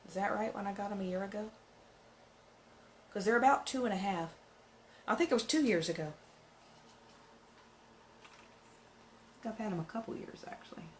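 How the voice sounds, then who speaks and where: A woman's voice: medium pitch, expressive, normal speed, long pauses, a little hiss or hum, low-quality recording. A woman narrating her painting in a casual craft vlog, thinking aloud and musing as she works. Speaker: craft vlogger.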